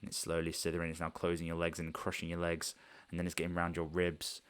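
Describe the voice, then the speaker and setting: Low-voiced man narrating a tabletop game. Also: completely flat delivery, quick pace, smooth. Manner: rambling, loose, with many fillers. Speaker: game master.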